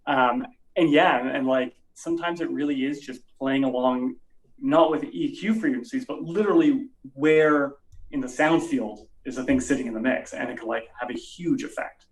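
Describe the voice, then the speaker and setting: A band member appears as a guest in a casual interview, rambling animatedly with many fillers. His medium-pitched voice moves at a normal speed, and the sound is roomy, picked up from off the mic.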